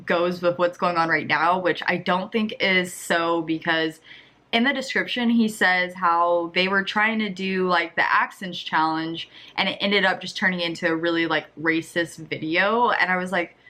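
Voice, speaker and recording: A woman's voice: on the low side, steady tone, moderate pace, bright, forceful tone. A young woman giving casual commentary on a YouTube channel, with skeptical, exasperated asides.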